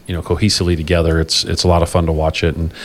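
A man with a fairly low voice hosts a casual union podcast. He talks loosely, circling back to correct himself and breaking into easy laughter between points. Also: little pitch movement, racing. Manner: rambling, self-correcting, laughs easily.

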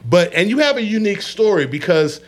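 A man's voice: high-pitched, sing-song, fairly quick. A man hosting an interview, supportive, with frequent affirmations. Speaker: host. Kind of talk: interview talk.

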